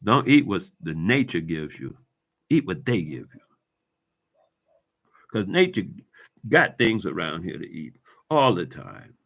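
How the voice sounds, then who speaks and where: A man's voice: deep voice, very animated, unhurried, vocal fry, pauses often, fairly bright tone. Heated, profane man ranting to camera. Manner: heated, profane, repetitive street talk. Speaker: vlogger.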